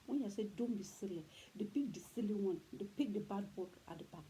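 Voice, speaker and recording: A middle-aged woman hosting a parenting talk, with a Nigerian Yoruba accent, speaks briskly and expressively in a medium-pitched voice. Her earnest advice comes in a preachy, emphatic, repetitive style, with faint background noise.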